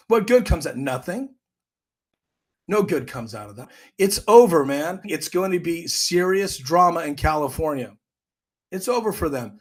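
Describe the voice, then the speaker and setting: A man's voice: a little high, animated, a little slow. A man hosting his own podcast, delivering heated, emphatic political commentary. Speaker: podcast host.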